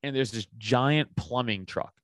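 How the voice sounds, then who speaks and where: A man, a podcast guest, telling a story in casual chat, animated and full of swearing. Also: mid-range voice, measured pace, clear, resonant tone, no echo, clean studio sound.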